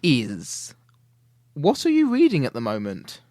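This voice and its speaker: A man's voice: mid-range voice, huge pitch swings, a little slow, very noisy. A young man from the UK hosting a student radio show in casual studio chat, giggling and trying out silly impressions. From United Kingdom. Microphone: studio microphone.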